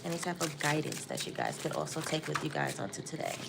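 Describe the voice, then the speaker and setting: A woman doing a live tarot reading, chatty and excitable, calling her viewers y'all. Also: deep voice, fast, vocal fry, heavy background noise. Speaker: tarot reader.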